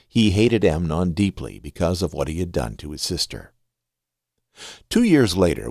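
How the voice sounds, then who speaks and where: A man hosting a podcast and reading scripture aloud in an expressive, scripted way. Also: deep voice, no echo, clean studio sound. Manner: expressive reading with a lively rise and fall.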